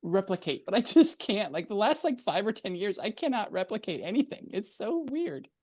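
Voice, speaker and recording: A woman's voice: medium pitch, sing-song, a little mellow. Self-deprecating woman co-host. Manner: self-deprecating, halting with restarts. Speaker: podcast co-host. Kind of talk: casual chat.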